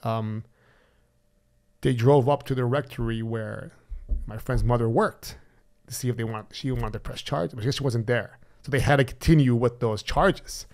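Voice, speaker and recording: A man's voice: medium pitch, moderate pace, a little mellow. A man guest on a podcast telling his own story bluntly and animatedly, swearing freely and acting out remembered dialogue. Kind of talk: candid personal storytelling.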